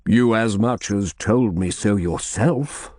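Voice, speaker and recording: A man's voice: on the low side, slow pace, darkish tone, no room sound, studio quality. A man doing a weary, anxious old abbot. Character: weary older male abbot, anxious and hopeful.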